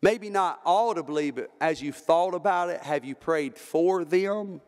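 A man with a Southern American accent preaching a fervent Baptist sermon from the pulpit, rising to shouts at the peaks. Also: on the high side, unhurried. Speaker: pastor. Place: church sanctuary. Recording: long church hall reverb.

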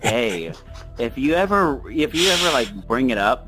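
A young man from Washington state tells crude, animated comic stories in a voice chat and acts out his family in exaggerated voices. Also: mid-range voice, measured pace, loud music behind the voice, low-quality recording. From Washington state, USA. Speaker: storyteller. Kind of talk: profane comic storytelling in a voice chat.

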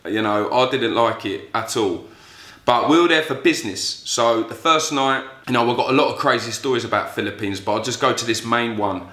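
A man's voice: medium pitch, pushed and bright. Profane man telling a story. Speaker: vlogger. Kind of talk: storytelling vlog. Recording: roomy echo.

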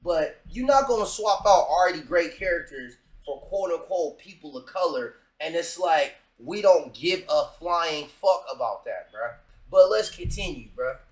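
A man's voice: on the high side, animated, normal speed, echoey room, low-quality recording. A man hosting a reaction video, talking bluntly and profanely straight to his viewers in a casual way.

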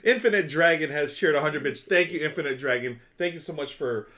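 A man's voice: a little high, brisk, pushed and bright. A man hosting a casual live stream from home, upbeat and thanking viewers by name as he chats.

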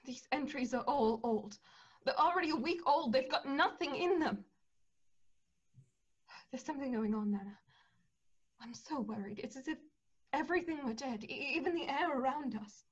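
A woman's voice: high voice, lively intonation, normal speed, pauses often, highs cut off. An actress playing an anxious young woman who runs a household, speaking in a worried, pleading way.

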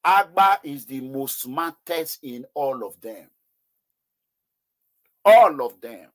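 A man with a Nigerian accent hosting a political call-in show, talking excitedly and slipping into Pidgin. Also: mid-range voice, takes it slowly. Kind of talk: animated political commentary with callers.

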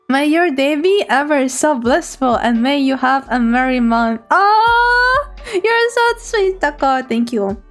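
A woman's voice: high-pitched, lively intonation, takes it slowly, faint music behind. A woman VTuber streamer chatting casually with her viewers, bubbly and giggly, teasing playfully between thank-yous.

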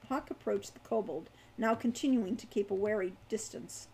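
A woman reading her own young adult fantasy novel aloud in a lively storytelling way. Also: mid-range voice, moderate pace, hardly any pauses, slightly rough. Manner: animated narration.

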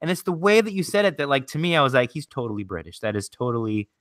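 A man's voice: mid-range voice, big pitch swings, fast talker, a bit bright, no room sound, clean studio sound. A man from the United States hosting a podcast, enthusiastic, joking and full of praise in a casual interview. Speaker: podcast host.

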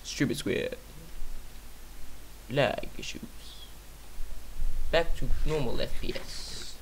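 A man's voice: medium pitch, slow, a little hiss or hum. A man giving casual let's-play commentary on his own game, rambling and silly, talking to himself and singing nonsense syllables. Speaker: gaming YouTuber.

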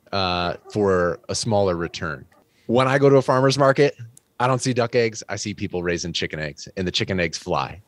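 A man speaking as a guest in a casual debate, making an energetic, argumentative case point by point. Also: low voice. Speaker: guest defending chickens.

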